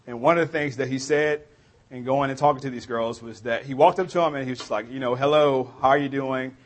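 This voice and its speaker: Conversational New Orleans pastor preaching. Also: male voice, mid-range voice, quick pace. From New Orleans area, USA. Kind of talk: sermon.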